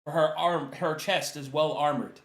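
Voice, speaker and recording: A game master narrating a tabletop role-play session on a voice call, animated and playful, swearing casually. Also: medium pitch, normal speed, reverberant.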